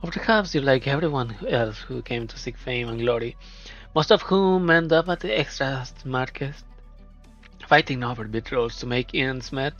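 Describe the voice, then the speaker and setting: A man voicing a shrewd, flamboyant female film producer who talks in a smooth, probing, flattering way. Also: medium pitch, moderate pace, natural voice. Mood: coaxing. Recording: dull lo-fi, faint music.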